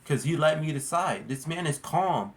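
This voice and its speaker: A man's voice: a little high, expressive, moderate pace. A man casually telling a storytime vlog, rambling and slangy, full of "like" and "bro". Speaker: vlogger.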